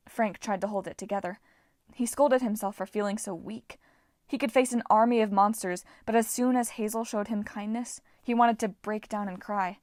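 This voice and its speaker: A woman narrates an audiobook with a lively, expressive delivery. Her voice sits in a middle pitch. The recording is dry, close and free of room sound. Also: normal speed, no echo.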